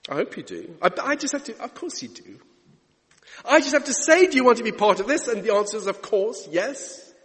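A man's voice: sits high, lively intonation, a little fast, a bit bright. A man preaching a sermon with a dramatic delivery, stretching out key words. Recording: long echoey church reverb.

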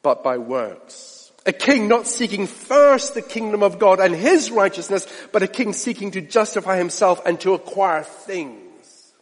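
A man preaching a sermon, dramatic and full of rhetorical questions, often dropping to a hushed aside. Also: high-pitched, expressive, unhurried. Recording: long reverb of a large hall.

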